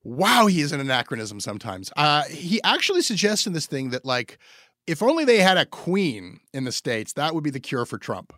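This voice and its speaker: A man's voice: on the high side, sing-song, a little fast, a bit bright, no room sound, studio quality. A man co-hosting a casual political chat, hedging and wry, with lots of fillers. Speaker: podcast co-host.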